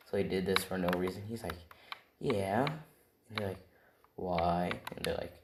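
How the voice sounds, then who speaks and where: A man's voice: sits low, moderate pace, gravelly. A man casually improvising a story, rambling with constant "right?" and "like" fillers. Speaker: storyteller of an anime fan scenario. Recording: roomy, noisy home recording with typing.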